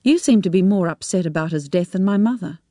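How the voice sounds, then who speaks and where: A woman's voice: fairly low pitch, animated, fast talker, dark tone, dry recording, studio quality, close to an everyday voice. A woman voicing a puzzled young man who turns defensive, speaking plainly and directly.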